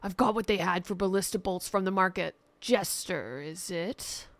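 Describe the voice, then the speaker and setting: Brief: a loud, blunt, bloodthirsty male bruiser, raspy and hot-headed, played by a woman. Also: lowish voice, moderate pace, dry recording, natural voice. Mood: suspicious. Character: hulking bloodthirsty male brute, short-tempered.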